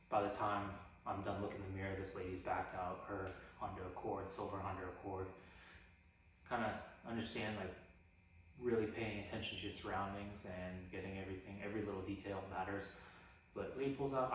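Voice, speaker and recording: A man casually recounting a personal story in a relaxed, rambling way, full of "like" fillers. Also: low-pitched, recorded from a distance, slight background noise. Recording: echoey room, voice off mic.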